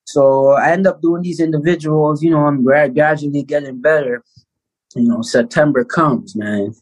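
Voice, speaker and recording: A man in his thirties from Canada, a guest telling a personal story in a casual interview with lively, animated delivery. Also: a little high, moderate pace, low-quality recording. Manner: animated storyteller, acts out quoted voices loudly. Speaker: guest, basketball player.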